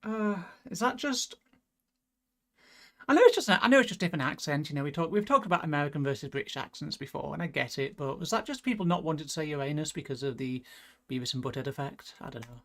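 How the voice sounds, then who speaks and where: A woman streamer casually playing a game, reading its text aloud and reacting excitably, swearing freely. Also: sits low, fast.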